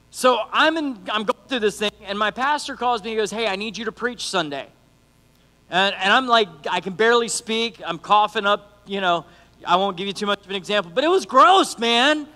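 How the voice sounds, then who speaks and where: A man preaching a sermon in a casual, conversational way, acting out the lines of people in his stories. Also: high-pitched. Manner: animated, conversational, acts out quotes. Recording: long hall reverb.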